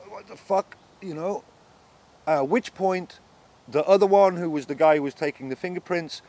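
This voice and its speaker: A man with a mid-range, darkish voice, whose first language isn't German, is interviewed about his arrest. His first-person account is earnest and shaken, and he grows agitated as he goes on.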